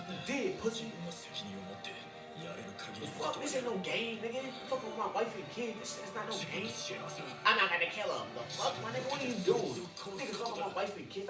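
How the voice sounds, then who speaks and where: A man reacting live to an episode, with loud excited outbursts and heavy profane slang. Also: high-pitched. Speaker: reaction video host. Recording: roomy, distant mic, show audio behind. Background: episode audio and music playing.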